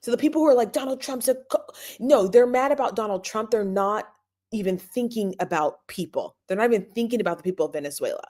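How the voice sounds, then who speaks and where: A woman's voice: mid-range voice, expressive, fast talker, mellow. A woman hosting a podcast, giving opinionated commentary and stressing points by repeating them. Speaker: podcast host.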